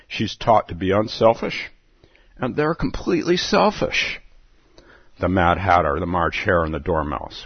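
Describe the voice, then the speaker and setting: Man giving a zen dharma talk, low voice, lively and musing, husky, dull dry recording. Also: dry recording. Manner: reflective, musing, chuckles often. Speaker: Zen teacher.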